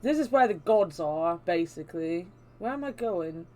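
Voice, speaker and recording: A woman's voice: lowish voice, animated, moderate pace, warm tone. A woman from England streaming a video game, chatting casually and bantering in a teasing, playfully indignant way. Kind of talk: casual chat while playing a game.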